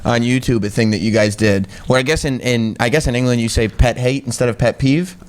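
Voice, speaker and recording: A man's voice: mid-range voice, fairly even intonation, a little fast. Easygoing male host. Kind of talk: casual interview chat.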